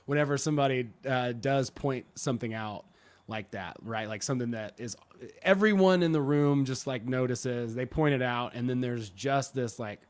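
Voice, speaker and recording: Hesitant man, halting casual talk. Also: medium pitch. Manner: hesitant, halting with 'like' fillers. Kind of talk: casual chat.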